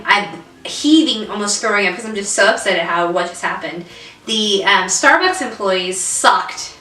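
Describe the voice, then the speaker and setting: Bright-voiced woman telling a story, roomy sound. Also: mid-range voice, far from the mic. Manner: emotional storytelling with many fillers. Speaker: vlog co-host. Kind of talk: casual chat. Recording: roomy echo, away from the mic.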